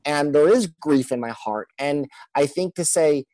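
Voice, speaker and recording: In an unhurried, warm voice on the high side, a man talks as a pastor in earnest podcast conversation. He frequently repeats words and performs what people said. The recording is dry and the audio poor.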